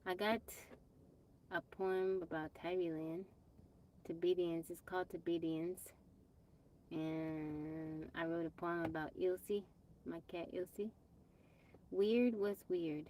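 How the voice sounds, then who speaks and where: A woman's voice: on the low side, fairly even intonation, slow pace, long pauses, a little mellow, slight background noise. A woman from Texas hosting a casual livestream on her phone, chatting with viewers, greeting them by name and brushing off trolls plainly. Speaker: livestream host. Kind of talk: casual live-stream chat. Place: off-grid home.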